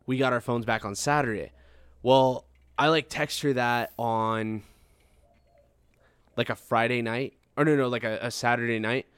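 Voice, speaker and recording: A man's voice: medium pitch, fairly even intonation, measured pace, pauses often, fairly bright tone, smooth, no room sound, studio quality. Young man telling a sweary story. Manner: swears often, acts out his own past reactions. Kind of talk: casual storytelling chat.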